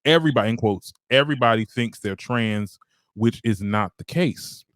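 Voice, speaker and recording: A man's voice: mid-range voice, moderate pace, a bit bright, dry recording. Chatty man reading celebrity headlines. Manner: chatty, reads headlines then riffs. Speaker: host. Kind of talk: casual news commentary chat.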